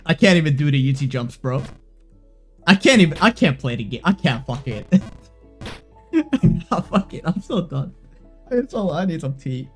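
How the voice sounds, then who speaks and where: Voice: mid-range voice, moderate pace, long pauses. A foul-mouthed streamer riffing live over a game, the voice bouncing all over its range as it lurches between giddy and fed up. Faint music plays underneath the whole time. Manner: profane, excitable, swings between giddy and exasperated. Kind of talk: live gaming stream commentary. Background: faint background music.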